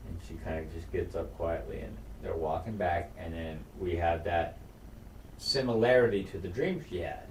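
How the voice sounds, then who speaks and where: Podcast co-host, man, low-pitched, casual and profane recap, roomy far-mic sound with light hiss. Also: normal speed. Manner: profane, animated episode recap. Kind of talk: casual chat. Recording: roomy room, far from mic, faint noise.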